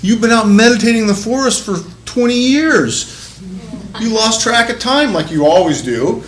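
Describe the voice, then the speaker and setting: A man's voice: high voice, animated, normal speed, roomy sound, pitched above the performer's own voice, rough recording. A male lecturer voicing an exasperated goddess scolding her husband, in a raised, indignant tone.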